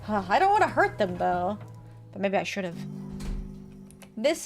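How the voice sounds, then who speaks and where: A woman's voice: mid-range voice, big pitch swings, normal speed, pauses often, faint music behind. A woman streamer chatting playfully through a video game, reading its text aloud and reacting to it. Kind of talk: casual gameplay commentary.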